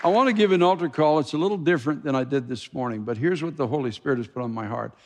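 A male pastor preaching a sermon with passion, swinging from loud exclamations to hushed pleading, in a church sanctuary. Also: a little high, fast talker, some chatter behind. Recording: long hall reverb.

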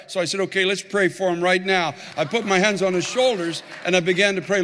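Male pastor, sermon storytelling, fervent and emphatic, high voice, long hall reverb. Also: fast talker, hardly any pauses, a bit bright. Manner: builds to fervent, emphatic preaching.

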